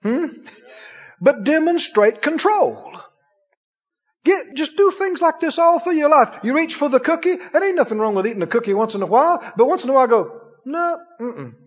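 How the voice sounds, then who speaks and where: A man's voice: very high voice, big pitch swings, normal speed. A man preaching a sermon, chuckling often and asking the congregation questions. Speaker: pastor. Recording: dull, lo-fi sound in a reverberant hall.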